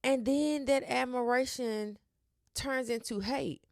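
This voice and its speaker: A woman hosting her own podcast, talking in a sassy, animated way with slang and cursing. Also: high voice, takes it slowly, vocal fry, no room sound, clean studio sound. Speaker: podcast host. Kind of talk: casual solo podcast talk.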